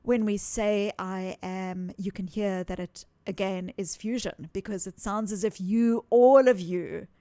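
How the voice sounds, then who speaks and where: A woman talks earnestly through a psychological idea, animated and often doubling back on words for emphasis. Her pitch sits in a middle range. The sound is dry and close, with no room around it. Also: a little slow, few pauses, dry recording. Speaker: psychologist guest. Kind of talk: interview, explaining ideas.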